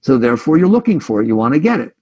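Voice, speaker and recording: A man with a gravelly, slightly husky voice gives a spiritual talk in a reflective, conversational way. He often slips into voicing his listeners' inner thoughts. The recording sounds dull and lo-fi. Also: mid-range voice, sing-song, very fast, warm tone. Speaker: spiritual teacher.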